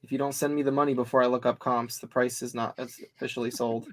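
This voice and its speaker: A man's voice: mid-range voice, little pitch movement, fast. A man co-hosting a live reselling stream, talking in a laid-back way while checking his listings. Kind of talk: casual livestream chat.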